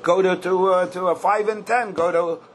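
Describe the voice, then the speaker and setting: A man's voice: sits high, steady tone, moderate pace, background noise. An older man teaching a Talmud class, questioning in a singsong and punching key points with bursts of emphasis. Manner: questioning singsong, bursts of emphasis, Yiddish-style Hebrew terms.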